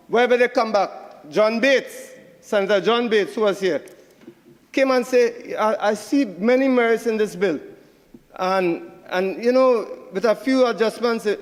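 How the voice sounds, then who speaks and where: Trinidadian guy in senate debate, real high voice, fiery and repeating himself, long echo of the chamber. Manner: combative, rhetorical, repeats phrases for emphasis. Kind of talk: parliamentary debate speech.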